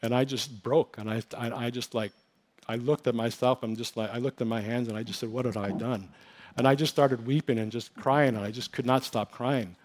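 A man's voice: medium pitch, steady tone, a little fast. A middle-aged male pastor giving an earnest, emotional testimony in a sermon, telling his story with many fillers and restarts.

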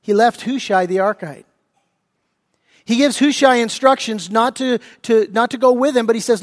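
Brief: middle-aged man, pastor, animated sermon storyteller, high pitch, long church reverb. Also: moderate pace. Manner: animated storytelling, acting out his family's voices. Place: church sanctuary.

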